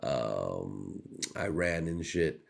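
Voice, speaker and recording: Rambling, profane man with a very deep voice. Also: sing-song, drawn-out words, vocal fry. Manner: rambling, profane, jokey, trails into put-on voices. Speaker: podcast host. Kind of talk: casual comedic monologue.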